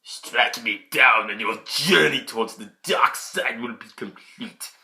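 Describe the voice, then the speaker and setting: A man putting on the voice of a sinister old male emperor, slow and low. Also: creaky, pushed and bright, exaggerated voice. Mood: menacing. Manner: slow, low, menacing delivery.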